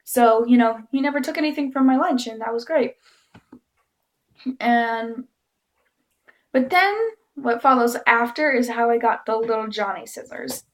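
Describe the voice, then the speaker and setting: A woman's voice: fairly high pitch, measured pace, pauses often. A woman vlogger telling a story to camera in a casual, chatty way, often giggling and acting out what people said. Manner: giggly, chatty, animated quoting.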